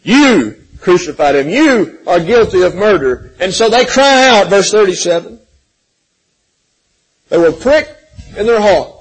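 A man preaching a sermon, swinging from loud pleading questions to hushed, gentle passages, calling listeners friends and repeating words as he builds. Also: sits high, expressive, unhurried, poor audio. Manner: impassioned, rising and falling between loud pleading and hushed softness.

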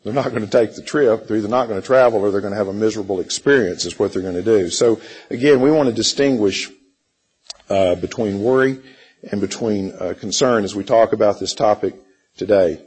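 Husky-voiced man teaching a Bible class. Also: lowish voice, darkish tone, rough recording. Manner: halting, with many fillers and throat clearing. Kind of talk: church Bible class lesson.

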